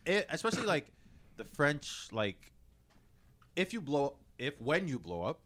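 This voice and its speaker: A man's voice: fairly high pitch, sing-song, measured pace, a crowd in the background. A young man co-hosting a podcast, joking and swearing casually.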